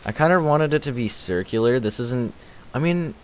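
A man streaming a game live, chatting casually with a slightly raspy voice and thanking viewers as he plays. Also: mid-range voice, lively intonation, moderate pace, slight background noise. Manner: chatty, thanks viewers, repeats filler words. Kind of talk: casual livestream commentary while playing.

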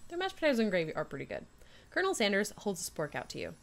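Giggly, lively woman streamer. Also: medium pitch, very fast, creaky. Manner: sarcastic, giggly, reacts loudly. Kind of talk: reading a dating game aloud on a stream.

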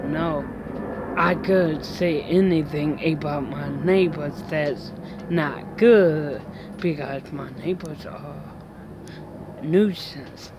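Woman vlogger rambling super slowly outside, lots of ums and likes, faint traffic behind. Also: deep voice. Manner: rambling, full of fillers and restarts. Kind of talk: casual rambling chat. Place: outdoors at home.

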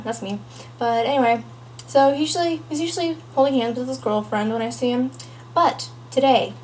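A teenage girl talks through a casual home vlog in a rambling, chatty way, full of playful asides. Her voice sits a little on the high side, and a faint hum runs underneath. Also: a little mellow. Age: teens. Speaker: vlogger.

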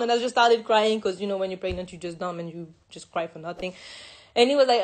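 A fairly high-voiced young woman from France tells her own story in English, her first language being French. She talks haltingly, circling back and repeating words as she goes. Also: expressive. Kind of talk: personal confessional monologue.

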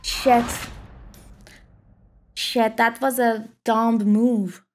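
A woman from Iran giving casual, excitable commentary while playing a video game, swearing and exclaiming often. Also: on the high side, takes it slowly, a little hiss or hum. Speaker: let's play streamer.

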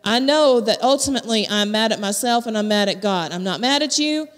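A woman's voice: on the high side, brisk. A woman preaching a live sermon into a handheld microphone, candid and conversational, with self-mocking humor. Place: church sanctuary at a live service. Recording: long hall reverb from a church.

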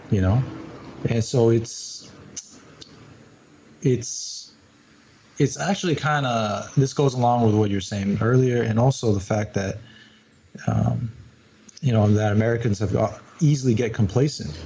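A male podcast host talking in a relaxed, reflective way with loose phrasing, in casual chat. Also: mid-range voice. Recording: muffled lo-fi audio with faint hiss.

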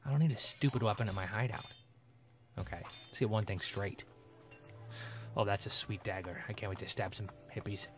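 A man's voice: lowish voice, fairly even intonation, brisk, pauses often, over music. A man giving gameplay commentary, grumbling and sarcastic as he talks to his audience. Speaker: let's play gamer.

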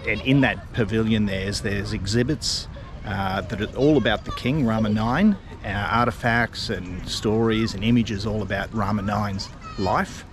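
A middle-aged Australian man with a fairly low voice speaks a little slowly as a travel vlogger walking through a city park. His narration is rambling and chatty, full of fillers and restarts, with street and traffic noise in the background.

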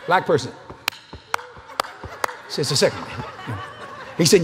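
A man's voice: on the high side, big pitch swings, measured pace, long pauses, noisy background. A male preacher with a Cajun Louisiana accent, telling folksy, joking stories in a sermon and laughing often. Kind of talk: sermon storytelling.

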